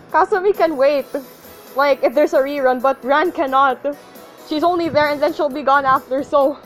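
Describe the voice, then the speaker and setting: A woman's voice: high voice, unhurried, fairly bright tone, faint music behind. A young woman reacting to her mobile game pulls, pleading and shrieking at the screen. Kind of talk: gacha pull reaction commentary.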